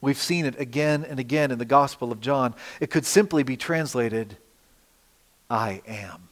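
A man preaching a sermon, dramatic, with rhetorical questions, swinging between loud emphasis and quiet asides. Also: mid-range voice, moderate pace. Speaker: pastor. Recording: long reverb of a hall.

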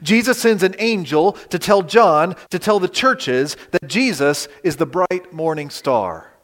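Animated pastor with a high voice. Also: male voice, in a large hall. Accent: Western Pennsylvania. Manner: animated, rhetorical questions, dramatic pauses. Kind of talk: sermon. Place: church sanctuary.

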